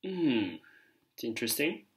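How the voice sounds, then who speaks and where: A man's voice: mid-range voice, sing-song, measured pace, low-quality recording. A man chatting casually about fragrances, with a loose manner full of fillers and asides, sometimes reading reviews aloud. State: ears ringing after a shower. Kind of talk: casual rambling chat.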